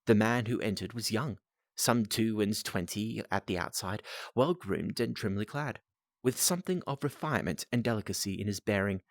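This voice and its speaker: A man's voice: fairly low pitch, normal speed, no echo, studio quality. A man reading a novel aloud on a live stream, breaking off for casual asides to viewers and restarting lines.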